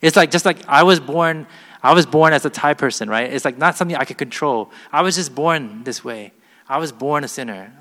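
A man's voice: a little high, a little fast, fairly bright tone. A man preaching a sermon, reading scripture aloud with weight and then explaining it in plain, earnest words. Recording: long hall reverb.

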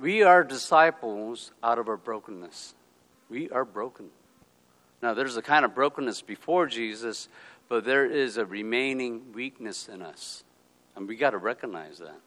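A man preaching a sermon in an animated way, acting out quotes and swinging between quiet asides and loud, emphatic lines. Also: mid-range voice, long reverb tail. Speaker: pastor.

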